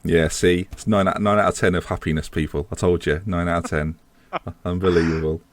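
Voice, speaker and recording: Deep-voiced man commentating a game. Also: steady tone, a little fast, no room sound. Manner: chatty, self-mocking, swears when frustrated. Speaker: gaming video host.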